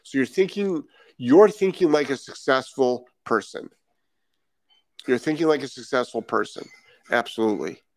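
A man's voice: medium pitch, normal speed, no echo. A man from Rhode Island, a dog trainer hosting a live stream and reading out viewer comments, talking emphatically, repeating key phrases and asking rhetorical questions.

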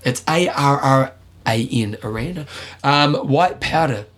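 A man co-hosting a podcast, rambling through jokes and quick asides in casual chat. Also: medium pitch, expressive, fairly bright tone. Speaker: podcast co-host.

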